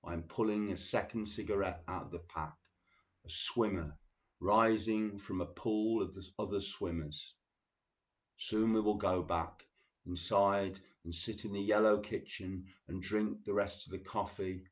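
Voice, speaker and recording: Deep-voiced man reading poetry. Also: fairly even intonation. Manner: reads poems slowly and deliberately, chats loosely between them. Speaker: radio show host. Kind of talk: poetry reading with casual asides.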